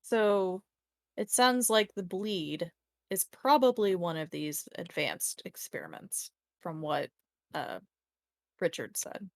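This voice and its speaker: A woman's voice: on the low side, lively intonation, slow pace, gravelly, no echo, studio quality. A woman playing in a tabletop game, thinking aloud with some hesitation. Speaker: player. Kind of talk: casual chat in a tabletop game.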